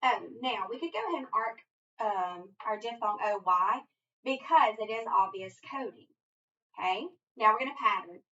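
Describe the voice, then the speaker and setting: A woman tutoring phonics, breaking each rule into small encouraging steps. Her voice is bright and clear but sits a little back from the mic, on a dull lo-fi recording. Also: mid-range voice, lively intonation, normal speed, far from the mic. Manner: encouraging, step-by-step instruction. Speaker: reading teacher.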